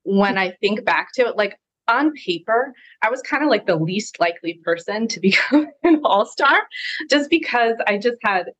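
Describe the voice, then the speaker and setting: A woman's voice: mid-range voice, lively intonation, a bit bright, rough recording. A woman guest on a video call, telling her personal story candidly in a casual way full of "like". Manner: candid, filler-heavy with frequent "like", quick to laugh.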